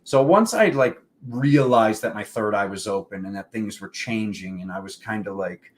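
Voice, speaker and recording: A man hosting a spiritual livestream, telling a personal story in a rambling, animated way and acting out the voices of the people in it. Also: fairly low pitch, moderate pace. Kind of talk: casual storytelling monologue. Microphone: livestream setup.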